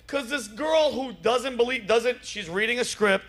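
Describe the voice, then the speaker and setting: A man's voice: very high voice, normal speed, hardly any pauses, fairly bright tone. A man hosting a casual comedy chat show, ranting animatedly and swearing freely. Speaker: host.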